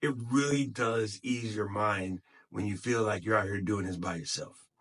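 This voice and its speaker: A man's voice: fairly low pitch, moderate pace, a bit bright. A man talking casually to camera, encouraging other podcasters in a tired voice, recorded on his phone. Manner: encouraging, motivational, loose and unscripted.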